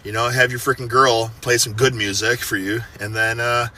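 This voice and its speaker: A man's voice: medium pitch, little pitch movement, normal speed, pushed and bright. A man of thirty giving a casual, profane motivational pep talk, intense and full of gym bravado. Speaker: fitness personality giving a personal message.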